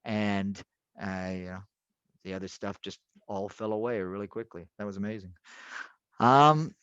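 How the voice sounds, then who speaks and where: A man lectures to his class in a loose, rambling way, stopping and restarting his sentences often. His voice sits a little low. The audio is dull and dry, like a basic computer mic on a call. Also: normal speed, a bit bright, smooth, dry recording. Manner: rambling, many restarts and fillers. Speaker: teacher.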